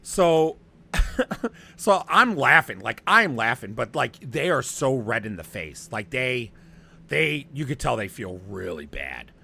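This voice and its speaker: A man's voice: mid-range voice, sing-song, takes it slowly, gravelly, bright, forceful tone. A man telling a long, rambling personal story in casual chat, often laughing and restarting.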